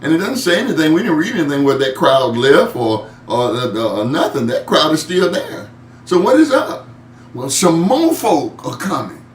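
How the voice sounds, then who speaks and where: A man leads a Bible study in a relaxed, conversational way, chuckling as he goes and doubling back on his words. He reads a verse aloud and then talks it through. He is recorded from some way off in a reverberant church room, with a faint hum underneath. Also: a little high, normal speed, few pauses. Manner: chuckles often and repeats words while searching for the point. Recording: echoey room, mic at a distance, faint hum.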